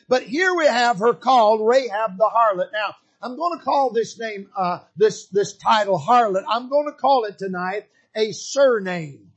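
A man with a notably high-pitched voice preaching a sermon. He talks in a homespun, storytelling manner, circling back over his phrases and filling pauses with frequent fillers. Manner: folksy, storytelling with many uh fillers and repeated phrases.

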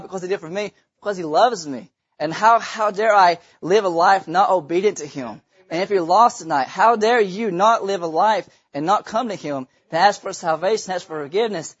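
A man's voice: high voice, slightly rough, highs cut off. A man preaching a sermon in a church, impassioned, repeating phrases for emphasis. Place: church sanctuary.

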